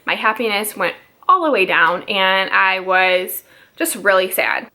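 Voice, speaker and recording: A woman's voice: mid-range voice, measured pace, pushed and bright. A young woman telling a personal story in a casual vlog, chatty and full of "like", acting out the other people's lines in her own voice. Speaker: mom vlogger.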